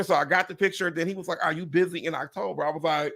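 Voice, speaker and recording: A man hosting a livestream chat, telling a story with excitement, acting out what people said, swearing and laughing often. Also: fairly high pitch, fast, creaky. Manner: animated, acts out quotes, swears, laughs often. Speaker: real estate agent and livestream host.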